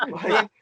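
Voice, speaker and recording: Midwestern wrestler guest, slightly high bright voice, easygoing talk. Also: male voice, vocal fry, slightly rough, low-quality recording. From Indiana, USA. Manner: laid-back, lots of "like". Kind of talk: casual interview chat.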